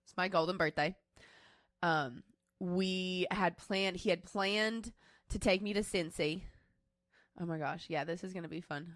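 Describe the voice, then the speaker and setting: A woman in her twenties co-hosts a casual podcast and tells a personal story candidly, rambling and restarting as she goes. Her voice sits a little low. The sound is dry and close. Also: unhurried, no echo. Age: 20s. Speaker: podcast co-host.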